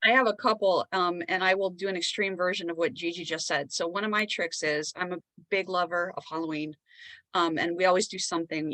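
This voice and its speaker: A woman's voice: fairly low pitch, a bit bright, no room sound, poor audio. A woman on a panel discussion, upbeat and enthusiastic, speaking over a video call. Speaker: panelist, mystery writer.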